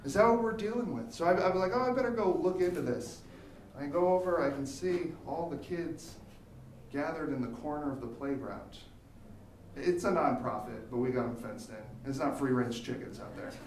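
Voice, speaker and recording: A young man performing an animated stand-up comedy set on a theater stage, jumping into high squeaky voices for the people he quotes. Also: a little hiss or hum. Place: theater stage, live audience. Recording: echoey theater from far off.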